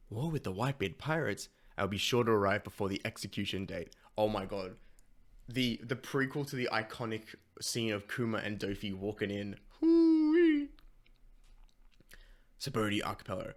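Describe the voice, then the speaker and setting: Male reaction host, reads manga lines, excitable, sweary, casual. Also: on the low side. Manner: swears and gasps while reacting; reads character lines in his plain voice.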